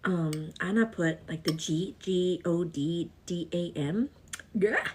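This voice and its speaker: A chatty young woman vlogging casually while doing her makeup, laughing often and quoting herself in a higher voice. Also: slow, husky.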